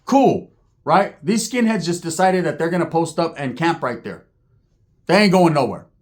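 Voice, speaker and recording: Animated, profane man telling a story. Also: fairly high pitch, normal speed. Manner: profane, animated, acts out quoted people. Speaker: storyteller guest. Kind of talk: casual storytelling.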